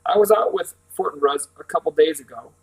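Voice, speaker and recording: A small, serious boy with a precocious, matter-of-fact way of talking and a slightly high voice, as a male reader takes him on. Mild storybook voicing. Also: fairly quick, vocal fry, breathy edge, low-quality recording. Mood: earnest.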